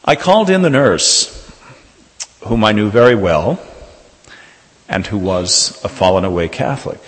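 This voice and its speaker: A man, a Catholic priest, preaching a sermon and telling a personal story in a measured way, slowing down for emphasis. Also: lowish voice, expressive. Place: church. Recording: reverberant church hall.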